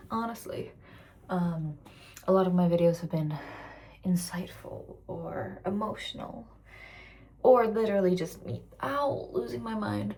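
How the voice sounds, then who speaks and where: Young woman with a mixed british-american accent, kinda husky, rambly after-work vlog rant, drops to whispers a lot. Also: medium pitch. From raised internationally, living in Britain. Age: about 20. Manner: rambling and candid, slipping into soft whispers. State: tired after a work shift. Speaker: waitress vlogger.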